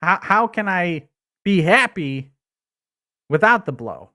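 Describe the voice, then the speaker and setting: A crude, coked-up has-been commercial actor, put on by a man for a comedy livestream. He rambles and stammers through a bitter rant, dragging his words out slowly while his pitch swoops up and down wildly. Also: very animated, bright, forceful tone, full character voice. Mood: sleazy. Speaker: livestream host.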